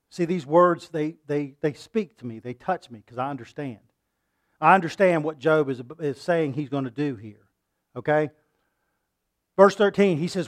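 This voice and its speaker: A man's voice: on the high side, normal speed. A man preaching a sermon in an earnest way, often repeating and restarting words and rising into impassioned bursts when he quotes scripture.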